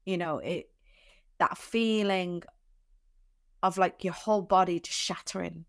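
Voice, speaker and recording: A woman's voice: lowish voice, fairly even intonation, measured pace, gravelly. Teary woman telling a personal story. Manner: emotional, with many restarts and "like" fillers. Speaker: podcast guest.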